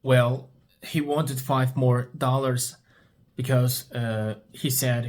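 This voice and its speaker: A Turkish-native man teaches English with a story, asking questions, repeating them, and answering each one himself. His mid-range voice stays steady, and he talks slowly.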